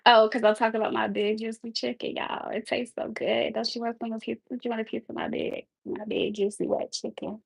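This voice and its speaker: A woman on a livestream putting on a fake sultry voice, soft and breathy, to joke about her cooking. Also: steady tone, brisk, few pauses, dry recording. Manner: low, breathy, teasing purr. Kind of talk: joking put-on voice during a livestream.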